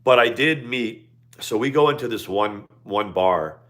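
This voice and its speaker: A man's voice: medium pitch, expressive, measured pace, fairly bright tone. A man in his fifties chatting casually on a livestream, rambling with many fillers and restarts. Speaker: livestream co-host. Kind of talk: casual chat.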